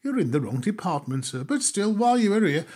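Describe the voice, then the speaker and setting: A man's voice: sits high, very animated, a little mellow, husky, voice pushed up, heavily acted. A man doing a pushy patter-spouting shopkeeper. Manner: rattles off rapid patter lists. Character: pushy chatty male shopkeeper, eager salesman. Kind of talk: music hall comic patter.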